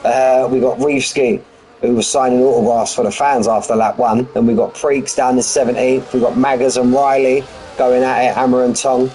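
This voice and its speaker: A man's voice: mid-range voice, flat delivery, normal speed, dark tone, poor audio. Chatty man calling a race. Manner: chatty, rambling, jokey. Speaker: sim racing commentator. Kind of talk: live race commentary.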